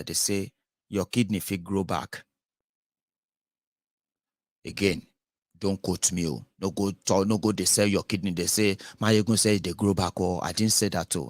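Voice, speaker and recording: Animated Nigerian man commenting on politics. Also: sits low, moderate pace, no room sound, studio quality. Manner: animated, mixes Pidgin, mimics voices. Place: United Kingdom.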